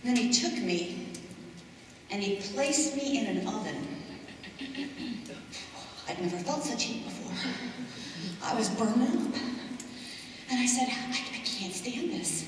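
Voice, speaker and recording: Woman, stage storyteller, measured and expressive, fairly high voice; distant recording in a reverberant church hall. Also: a little hiss or hum. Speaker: monologue performer. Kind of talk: dramatic monologue storytelling. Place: church hall, live audience. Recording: echoey hall from far off.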